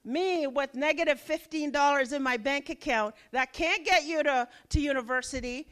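A woman in her forties preaching a sermon, telling a personal story with dramatic swings from loud exclaiming to hushed lines. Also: sits high, moderate pace, few pauses.

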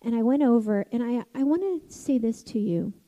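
A woman from Canada delivers a sermon in a high, warm, mellow voice. She is impassioned, rising to loud declarations and then dropping to hushed, intimate passages. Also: animated, normal speed, poor audio. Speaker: preacher.

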